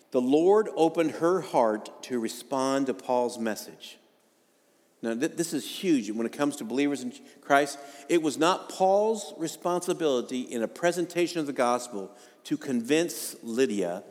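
A man's voice: medium pitch, animated, a little fast, hardly any pauses, a little mellow. Man preaching a sermon in a reverberant hall. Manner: conversational preaching with jokes and rising emphasis. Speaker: pastor.

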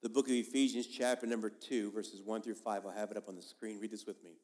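A man as a pastor giving a sermon in a church, preaching in a conversational but emphatic way and swinging between loud and soft. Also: fairly low pitch, flat delivery, fast. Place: church sanctuary. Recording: long reverb of a large hall.

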